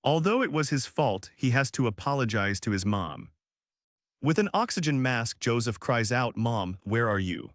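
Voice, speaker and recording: A man's voice: mid-range voice, no echo. Dry-voiced male recap narrator. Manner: even read-aloud delivery, quoted lines read in the same voice. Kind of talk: scripted story recap narration.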